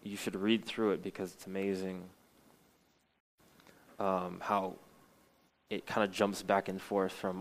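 A young man delivers an earnest sermon, reading scripture and stopping to explain it. His voice sits low and stays fairly flat, and he often restarts his sentences with fillers. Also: unhurried, pauses often, low-quality recording. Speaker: preacher.

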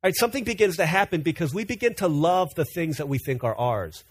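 A man's voice: on the high side, animated, brisk, husky. Man preaching a conversational sermon. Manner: earnest, conversational preaching with personal anecdotes. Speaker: pastor.

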